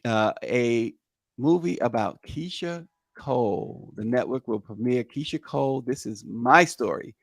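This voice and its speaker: A man with a mid-range, creaky voice speaks unhurriedly in a dry, studio-quality recording. He hosts a morning news show, reading headlines and chatting loosely with plenty of fillers and restarts.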